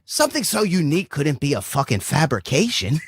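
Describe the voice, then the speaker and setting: A man's voice: a little high, big pitch swings, a little fast, husky, dry recording. A man telling a long, crude comic story, rambling and profane, checking in with "right?" again and again.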